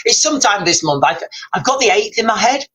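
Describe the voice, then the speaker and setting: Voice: medium pitch, big pitch swings, fairly quick, sharp tone, rough recording. Rambling streamer, loose live chat with the audience, keeps saying "guys". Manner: rambling, repeatedly addressing viewers as guys. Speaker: livestreamer reading chat.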